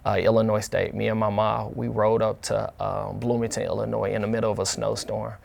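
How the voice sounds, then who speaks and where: Young male interview guest from the St. Louis area, deep gravelly voice, casual and full of fillers. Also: fairly quick, a little hiss or hum. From St. Louis area, USA. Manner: relaxed, colloquial, with many fillers and restarts. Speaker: interview guest, football player.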